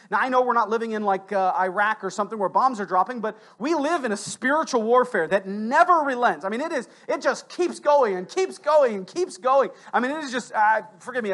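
A pastor preaching to his congregation in church, conversational with asides to listeners, swinging between loud emphatic bursts and quiet low stretches. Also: noisy background. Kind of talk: sermon. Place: church sanctuary.

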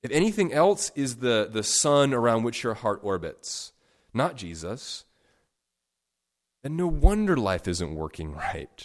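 A man preaching a sermon, stressing words by stacking them and swinging sharply between soft and loud. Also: mid-range voice, big pitch swings, unhurried. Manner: emphatic, with sharp swings in loudness. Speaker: pastor.

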